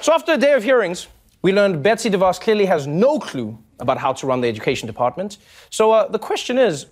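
High-voiced comedy host guy riffing jokes, all over the place pitch-wise, studio crowd and noise behind. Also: fast talker. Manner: animated, jokey, laughing asides. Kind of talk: satirical late-night comedy monologue. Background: audience laughter.

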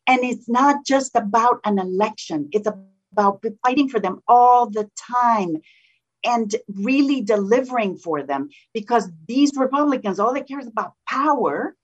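A woman's voice: fairly high pitch, lively intonation, moderate pace, husky, muffled recording. A woman whose first language is Spanish, talking passionately and with emphasis as a political candidate in an interview.

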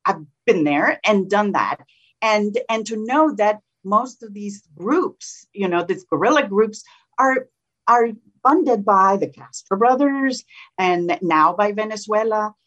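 A woman's voice: mid-range voice, lively intonation, slow pace, fairly bright tone, dull audio. A woman whose first language is Spanish, talking passionately and with emphasis as a political candidate in an interview.

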